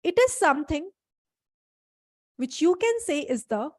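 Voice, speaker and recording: A high-pitched woman lectures in a live online class. She explains each point step by step and stops often to check that her students follow. The sound is dry and close, with no room echo. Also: sing-song, a little slow, darkish tone. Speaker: instructor.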